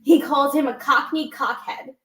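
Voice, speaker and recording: A woman co-hosting a wrestling chat show, retelling a promo line by line and slipping into the speakers' quoted words. Her voice sits a little high and carries the echo of a roomy space. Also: steady tone, normal speed, a bit bright. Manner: recaps promos with quoted impressions. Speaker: podcast co-host.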